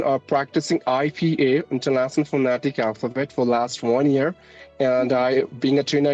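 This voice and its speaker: A man's voice: mid-range voice, darkish tone, muffled recording. Man from India, English teacher, formal, polite, earnest, faint music behind. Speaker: English teacher, channel host. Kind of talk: conversational interview.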